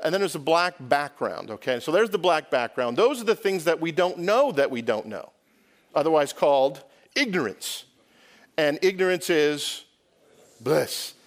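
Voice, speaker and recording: A man from the United States preaching a sermon to his church, conversational, often asking the congregation questions and restarting phrases. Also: on the high side. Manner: conversational, self-correcting, asks the congregation questions. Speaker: pastor. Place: church sanctuary.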